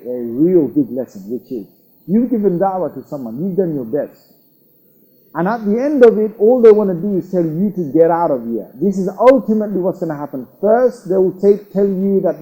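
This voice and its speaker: An earnest religious teacher gives a lecture, moving between recited verses and plain explanation. His voice is husky and very dark in tone, though his pitch sits a little high for a man. He circles back over his phrases as he teaches. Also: poor audio. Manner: recites Quranic Arabic, then explains it in English; earnest, repeats phrases with restarts. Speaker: Islamic teacher. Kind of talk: recorded lecture on the prophets.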